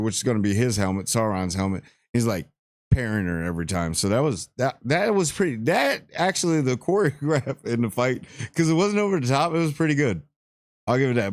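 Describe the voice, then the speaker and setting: A man's voice: medium pitch, no room sound. A man hosting a casual spoiler review, rambling and slangy with playful asides. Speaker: TV review channel host.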